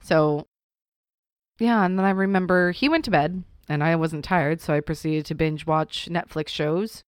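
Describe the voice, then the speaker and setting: A woman's voice: sits low, a little slow, clear, resonant tone, no room sound, studio quality. A young woman co-hosting a podcast with her sister at home, chatting casually and laughing at her own jokes. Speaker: podcast co-host. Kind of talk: casual chat.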